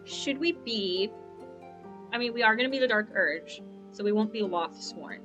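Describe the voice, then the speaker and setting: A woman's voice: medium pitch, animated, normal speed, over music. Chatty young woman streaming a game. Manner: chatty, rambling, upbeat, with fillers. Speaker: gaming streamer. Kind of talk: casual live-stream chat. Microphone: lavalier mic.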